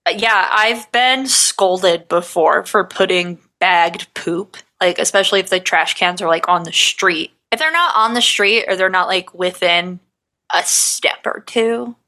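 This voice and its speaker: A woman's voice: on the low side, measured pace, pushed and bright. A young woman co-hosting a casual chat show, rambling with lots of "like" and breaking into giggles. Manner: rambling, filler-heavy, giggly. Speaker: podcast co-host.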